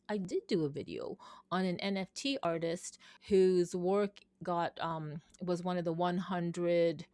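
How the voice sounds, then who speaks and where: A woman's voice: on the low side, a little mellow, no echo. A woman talking casually in a vlog, thinking aloud, rambling and reading things off her screen. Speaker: vlogger.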